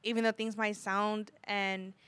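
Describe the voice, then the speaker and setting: A woman's voice: mid-range voice, level tone, measured pace, clean tone, no room sound. A woman who is a parent, hosting a podcast and speaking in an earnest, supportive way. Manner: warm, emotional, supportive listener. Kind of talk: casual podcast conversation.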